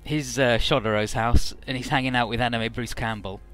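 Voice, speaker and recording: Bright-voiced joking game commentator, man. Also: mid-range voice, fairly even intonation, a little fast, clear, resonant tone, faint music behind. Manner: joking, rambling, paraphrasing characters. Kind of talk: casual playthrough commentary.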